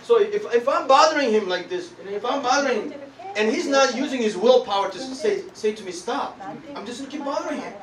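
A man preaching a sermon, animated and laughing as he tells a story, pausing often to search for words. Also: very high-pitched, a crowd in the background. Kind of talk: sermon with live interpreting. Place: church hall. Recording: echoey hall, distant mic, congregation.

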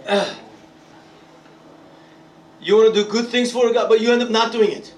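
A man's voice: high voice, steady tone, normal speed, a little hiss or hum. A man preaching to a congregation in an interactive sermon, teasing and laughing as he calls on people to answer. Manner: playful, teasing, laughs often, calls for responses. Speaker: pastor leading Bible study. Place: church hall with congregation. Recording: echoey room, from far off, crowd.

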